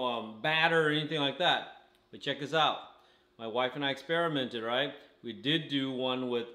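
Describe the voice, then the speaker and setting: A man's voice: mid-range voice, pushed and bright. A man hosting a casual home cooking vlog, talking while he eats and tagging his sentences with "okay?". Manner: chatty, tags lines with "okay?", talks while eating. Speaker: channel host. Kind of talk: casual food review vlog. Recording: roomy echo.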